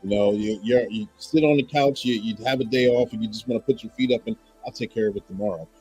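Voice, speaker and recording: A male podcast host asking his guest questions, halting and searching for the right words. His voice is husky and sits at an average pitch, with soft music faintly underneath. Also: steady tone, rough recording. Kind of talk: interview.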